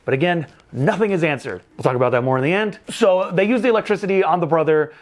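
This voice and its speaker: A man's voice: on the high side, quick pace. A man hosting a casual movie review show, recapping the plot with jokes, exasperated asides and casual swearing.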